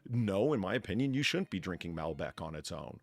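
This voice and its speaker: A man's voice: low-pitched, big pitch swings, fairly quick, creaky, dry recording. A man in casual stream chat, opinionated, reading news bits aloud and laughing often.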